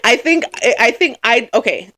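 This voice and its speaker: A woman co-hosting a relaxed podcast, talking in a slightly high voice that rises and falls a lot. She tells stories loosely, breaks into laughter often and acts out what she said in quotes. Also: moderate pace, heavy background noise. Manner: laughs often, animated storytelling with put-on quotes. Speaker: podcast co-host. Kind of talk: casual chat.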